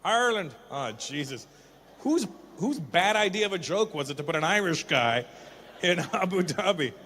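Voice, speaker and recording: A middle-aged man doing stand-up, teasing audience members in quick back-and-forth crowd work. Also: sits high, sing-song, pushed and bright, slight background noise. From Canada. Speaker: stand-up comedian.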